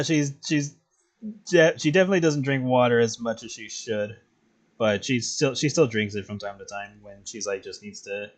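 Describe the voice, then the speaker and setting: Relaxed male art streamer, somewhat low voice, loose profane rambling chat. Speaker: streaming artist. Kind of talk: casual chat while drawing.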